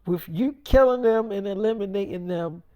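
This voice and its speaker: A man's voice: sits high, moderate pace, a little mellow, clear, resonant tone, dry recording, clean studio sound, lightly acted. A grave man from the far future, as a storyteller puts him on, delivering warnings with insistent seriousness. Plain, everyday voice, told in a loose improvised story.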